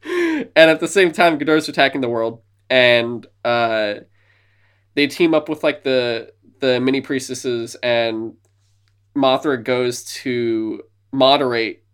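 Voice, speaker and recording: A man's voice: medium pitch, lively intonation, slow, fairly bright tone, clean tone. A man co-hosting a casual podcast, eagerly retelling movie scenes and now and then dropping into silly voices. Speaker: podcast co-host.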